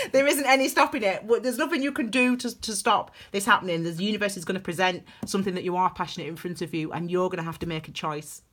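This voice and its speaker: Bright-voiced gushing woman. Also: medium pitch, fast, a little hiss or hum. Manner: gushing, chatty, calls listeners darlings. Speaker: tarot reader. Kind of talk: casual tarot reading to camera.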